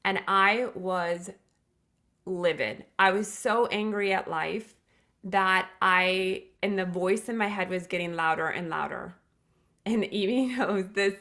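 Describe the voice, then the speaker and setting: A woman's voice: mid-range voice, a bit bright. A middle-aged woman, a podcast guest, telling a personal story in an earnest, reflective way with emphatic restarts.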